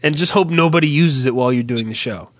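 A man co-hosting a podcast in casual, profane banter, rambling and animated as he tells stories. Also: mid-range voice, fast talker, no room sound. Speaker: podcast co-host.

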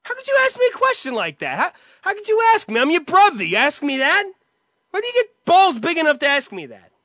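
Casting note: man playing an enraged shrill brother, sharp and lively, dry sound. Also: a little fast, no echo, full character voice. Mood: furious. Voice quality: shouting, high and strained. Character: enraged man shouting at his brother in a film scene.

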